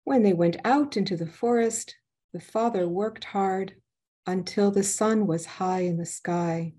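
A woman telling a folk tale aloud in an expressive storytelling manner. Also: mid-range voice, a little slow. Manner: expressive, lively delivery. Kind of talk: storytelling narration.

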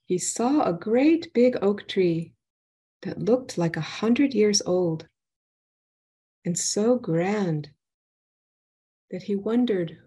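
A woman telling a folk tale aloud in an expressive storytelling manner. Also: medium pitch, slightly rough. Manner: expressive, lively delivery. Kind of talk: storytelling narration.

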